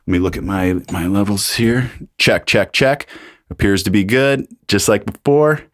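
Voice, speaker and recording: Checking his levels, a YouTube host repeats test phrases into a studio condenser microphone during a relaxed gear review in his home studio. His voice is fairly low at normal speed, with no echo.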